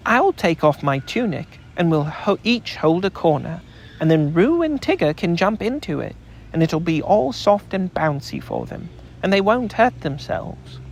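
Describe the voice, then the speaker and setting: A man's voice: fairly high pitch, sing-song, a little slow, vocal fry, a little hiss or hum, full character voice. A man voicing an eager young boy who takes the lead and encourages his friends.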